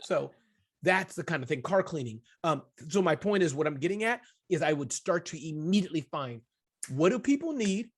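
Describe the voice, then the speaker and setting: Husky, animated man guest. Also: fairly high pitch. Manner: animated, keeps addressing the host by name, acts out little scenes. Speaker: guest entrepreneur. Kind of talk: conversational summit interview.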